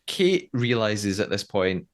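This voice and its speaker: A man's voice: fairly low pitch, sing-song, takes it slowly. A man co-hosting a podcast, recapping a show in casual chat and laughing often. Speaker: podcast co-host.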